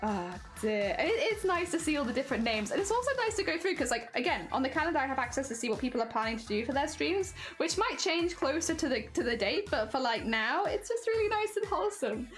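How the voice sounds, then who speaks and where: A woman's voice: high voice, sing-song, fast talker, few pauses, faint music behind. A British woman chatting casually on a live stream, playful and giggly as she reads and answers chat. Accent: British English. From Britain.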